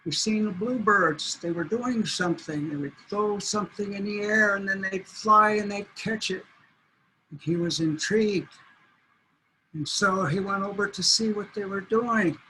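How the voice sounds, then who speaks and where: A man telling a traditional animal story aloud in a slow, deliberate way. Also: high voice, sharp tone, slight background noise, low-quality recording. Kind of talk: oral storytelling.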